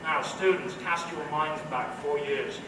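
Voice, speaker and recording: Dry, witty male professor giving a commencement speech, voice a little high, heard from a distance in a noisy hall. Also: a little slow. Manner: dry, witty delivery of jokes and quotes. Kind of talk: humorous commencement address. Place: large indoor hall.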